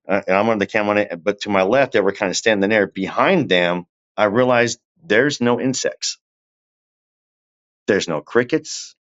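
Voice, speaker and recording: A man, a guest telling a long story in a relaxed, conversational way and often turning to the listener with asides. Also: on the low side, clear, resonant tone, muffled recording. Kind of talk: casual storytelling.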